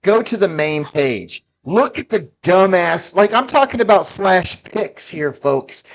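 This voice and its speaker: Man in his forties, angry political rant, swearing, slightly high voice. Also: animated, a little slow, a bit bright. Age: 40s. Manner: profane, heated, scolding. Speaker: political vlogger ranting.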